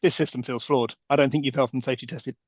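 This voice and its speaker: A man's voice: mid-range voice, fairly even intonation, fast, no room sound. Wry podcast man, slightly dull sound. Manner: wry, sarcastic, laughs often. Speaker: podcast co-host. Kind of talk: casual film review chat.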